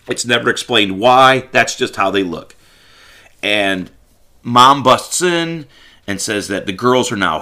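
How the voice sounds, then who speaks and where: A man's voice: mid-range voice, sharp tone. A man hosting a podcast, casually recapping and critiquing a comedy film in a rambling, wry manner with many restarts. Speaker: podcast host. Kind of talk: casual movie recap and review.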